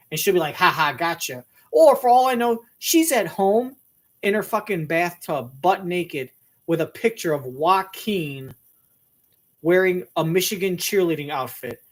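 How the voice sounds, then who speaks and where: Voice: medium pitch, animated, unhurried. A commentator reacting to a TV clip in rambling comic commentary, crude and overthinking, acting out imagined lines.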